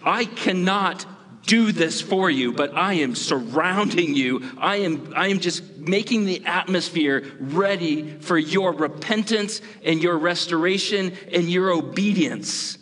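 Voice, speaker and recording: A man's voice: high-pitched, measured pace, a bit bright, husky, voice pushed up, exaggerated voice. A man voicing God as a fatherly male counselor, pleading urgently with a tempted man. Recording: long hall reverb.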